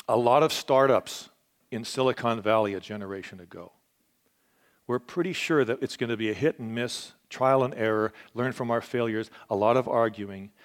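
A man preaching a sermon as a missionary, earnest and given to restarts, dropping to a hush and rising loud. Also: mid-range voice. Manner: earnest, swings from hushed to loud; restarts and repeats words.

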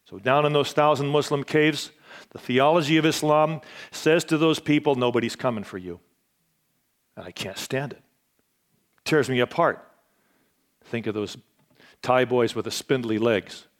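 A man preaching a sermon as a missionary, earnest and given to restarts, dropping to a hush and rising loud. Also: mid-range voice, normal speed, pauses often. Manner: earnest, swings from hushed to loud; restarts and repeats words.

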